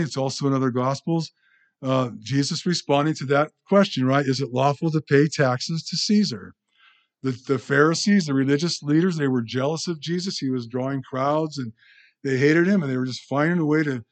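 A man teaching a sermon in a conversational way, often asking the audience questions. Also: medium pitch. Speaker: pastor.

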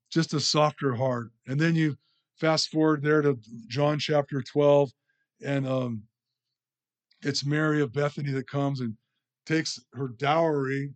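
A man preaching a conversational sermon, often checking in with the listeners with "you know" and "right?". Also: mid-range voice.

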